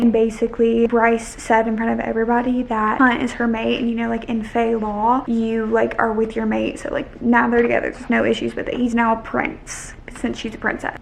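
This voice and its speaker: A young woman talks fast and excitably in a casual vlog, her thoughts spilling out with constant "like." Her voice sits a bit high. The room gives an echo with a faint hiss under it. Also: gravelly. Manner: excitable, rambling, heavy use of "like". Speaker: book vlogger. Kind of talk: casual reading vlog chat. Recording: echoey room with faint noise.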